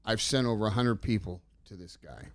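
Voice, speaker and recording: Rambling, low-voiced male storyteller. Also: fairly quick, no echo. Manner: rambling, animated storyteller acting out quoted dialogue. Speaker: interview guest. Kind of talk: casual storytelling interview.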